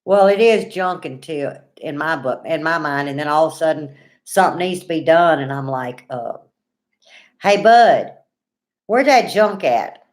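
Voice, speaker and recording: A woman in her forties with a deep voice hosts a casual livestream at a moderate pace. She chats in a folksy way, reading comments and greeting viewers by name.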